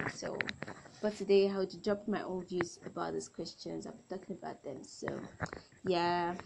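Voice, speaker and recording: A woman's voice: on the low side, gravelly. Chatty young woman podcasting alone, noisy. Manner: chatty, rambling, self-correcting. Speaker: podcast host. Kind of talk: solo podcast talk.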